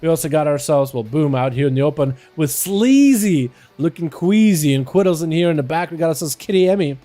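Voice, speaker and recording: A man's voice: a little high, animated, warm tone, soft background music. A young man casually calling a match as a live game streamer. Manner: casual, chatty, fast play-by-play.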